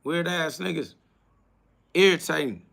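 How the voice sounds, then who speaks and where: A man hosting a livestream, ranting at his chat in a blunt, confrontational and profane way, swinging between loud outbursts and low mutters. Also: a little slow, vocal fry. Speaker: livestream host. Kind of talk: casual livestream rant to chat.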